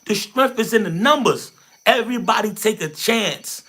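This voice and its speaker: A man hosts a hyped livestream from Haiti, pumping up his viewers and hammering each point home with repetition. His voice sits fairly high, and he talks like a preacher working the room. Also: animated, moderate pace, pushed and bright. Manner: preachy, repeats phrases, rallies viewers. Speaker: livestream host. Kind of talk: hyped motivational livestream chat.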